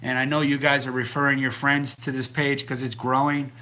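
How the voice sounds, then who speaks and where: A man's voice: mid-range voice, little pitch movement, a little fast, sharp tone. A middle-aged man hosting a casual live stream about the keto diet, rambling along with many ums and restarts. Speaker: keto diet channel host.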